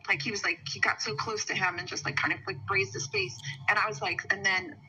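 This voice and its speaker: A woman's voice: medium pitch, steady tone, quick pace, sharp tone, slight background noise, low-quality recording. A woman giving a rambling statement to a police officer, full of "like" and retold quotes, picked up on a bodycam. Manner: rambling, heavy use of "like", voices other people when retelling.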